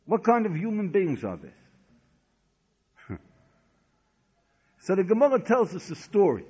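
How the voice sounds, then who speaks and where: A man's voice: sits high, huge pitch swings, measured pace, darkish tone, breathy edge. A man teaching a Talmud lesson as a sermon, telling stories dramatically and asking rhetorical questions. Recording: dull lo-fi recording.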